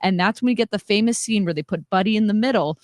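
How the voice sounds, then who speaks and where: A woman's voice: medium pitch, fast, dry recording, studio quality. Woman retelling a story with gusto. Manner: animated storytelling. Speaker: podcast co-host. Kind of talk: casual chat.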